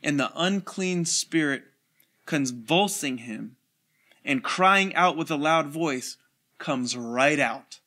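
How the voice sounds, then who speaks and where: A man with a high, bright voice preaching an online sermon. He reads scripture with energy, slipping into casual slang and light chuckles between verses. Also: expressive, slow. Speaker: pastor.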